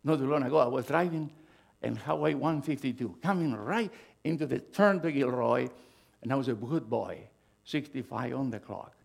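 A middle-aged male pastor preaching a sermon, swinging from loud, emphatic bursts to hushed asides. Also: medium pitch, moderate pace, vocal fry.

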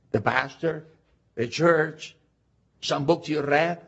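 A man, a pastor, telling a story in a sermon, halting with fillers and then pressing hard with questions. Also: a little high, fairly bright tone, husky. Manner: hesitant with many fillers, rising to emphatic questions. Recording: dull lo-fi recording.

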